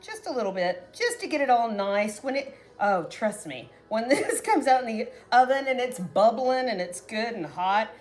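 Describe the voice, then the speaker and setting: A woman's voice: fairly high pitch, big pitch swings, normal speed, hardly any pauses. A woman hosting a casual home cooking video, chatty and folksy, talking straight to her viewers.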